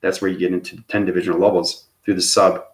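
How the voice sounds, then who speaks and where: A man with a very low voice delivers a loose spiritual monologue to his viewers. His phrasing wanders and restarts, and he tags nearly every thought with a questioning "okay?". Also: level tone, fast talker. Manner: repeats "okay?" as a tag after phrases. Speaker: channel host.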